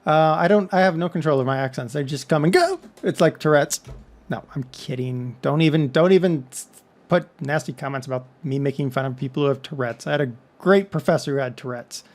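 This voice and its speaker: Rambling, slightly high-voiced man vlogging. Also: a little fast, a little mellow. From Texas. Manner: rambling, conversational, with joking asides. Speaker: vlog host. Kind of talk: casual monologue.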